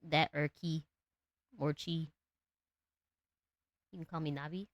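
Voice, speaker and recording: A woman with a low alto voice chatting casually with her live-stream viewers, giggling often. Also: steady tone, slow pace, pauses often, dry recording. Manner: chatty, giggly, talks to chat and her cat.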